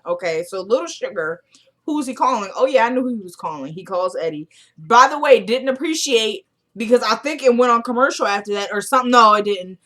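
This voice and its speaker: A woman's voice: on the low side, pushed and bright. A young woman chatting casually as she recaps a TV episode, retelling scenes by quoting the characters.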